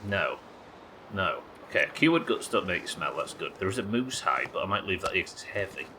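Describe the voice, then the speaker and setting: A man's voice: sits low, sing-song, a little fast, pushed and bright, slight background noise, poor audio. A man from the United Kingdom chatting and joking casually while streaming a survival game, swearing now and then. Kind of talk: casual gameplay commentary.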